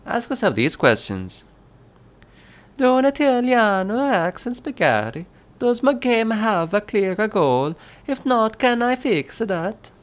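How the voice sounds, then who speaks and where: Guy doing a goofy high italian accent voice, jolly and over the top, kinda slow. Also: wildly swooping pitch, exaggerated voice. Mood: hammy. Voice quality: high, stretched-out cartoonish accent. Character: exaggerated Italian-accented man, jolly and theatrical.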